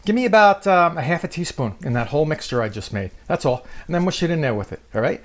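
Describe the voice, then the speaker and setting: A man's voice: a little high, expressive, fast talker. A man hosting a casual cooking demonstration in a kitchen, joking and chatting to the viewer. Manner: jokey, chatty, talks to the viewer. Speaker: cooking show host. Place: home kitchen.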